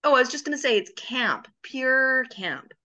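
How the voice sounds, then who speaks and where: A woman co-hosting a casual podcast, giving quick, playful opinions. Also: sits high, lively intonation, pushed and bright. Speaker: podcast co-host. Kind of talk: casual chat.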